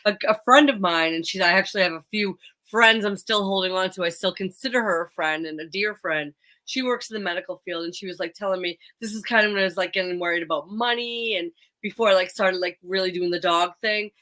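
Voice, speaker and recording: Bright-voiced chatty woman. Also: fairly low pitch, fast, few pauses. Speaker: podcast co-host. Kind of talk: casual chat.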